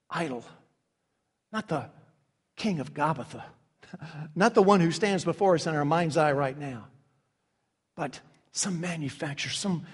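A man's voice: on the high side, husky. Preaching man in a reverberant hall. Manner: dramatic, swinging from loud emphasis to hushed asides; acts out quoted figures with sarcastic mock voices. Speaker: pastor. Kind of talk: sermon.

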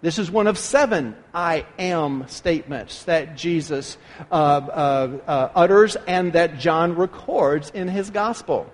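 Male pastor preaching an earnest sermon with deliberate pauses, bright high voice, recorded in a church with lingering reverb. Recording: long hall reverb.

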